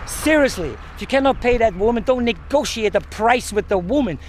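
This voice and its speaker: A man's voice: extremely high pitch, animated, fairly quick, few pauses, a little hiss or hum. A male vlogger sweating in the heat while he rants outdoors, swearing and stopping to hunt for words. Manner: heated and swearing, often searching for words. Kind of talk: casual ranting monologue.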